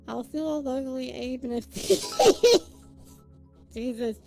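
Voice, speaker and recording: A woman's voice: fairly high pitch, measured pace, vocal fry, darkish tone, faint music behind. A woman live streamer chatting casually with her viewers, thanking them by name and swinging between giggles and near tears.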